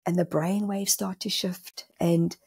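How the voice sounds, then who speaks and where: Gravelly, husky South African woman. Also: on the low side, measured pace. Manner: animated, laughs often, acts out inner voices. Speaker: spiritual medium guest. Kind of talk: podcast conversation.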